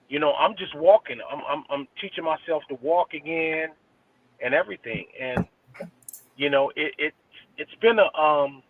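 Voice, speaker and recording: A man's voice: fairly high pitch, dry recording. A middle-aged man, a guest DJ, telling a personal story in an earnest, rambling way with frequent restarts. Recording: tinny phone line with faint noise.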